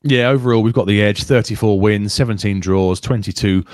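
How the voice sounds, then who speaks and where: A man's voice: lowish voice, fairly quick, darkish tone, no room sound, clean studio sound. A man with an English accent co-hosting a casual football podcast, chatty and full of stats. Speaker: podcast co-host.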